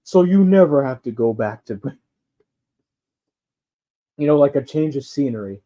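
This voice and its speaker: This man speaks in a mellow, mid-range voice with lively intonation and an unhurried pace, ranting casually. It's a rambling, profane monologue full of fillers and laughter, captured on a dull, lo-fi recording.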